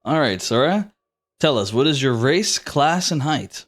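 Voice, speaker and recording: A man's voice: mid-range voice, lively intonation, a little slow. A man narrating a tabletop game as game master, with easygoing, descriptive storytelling.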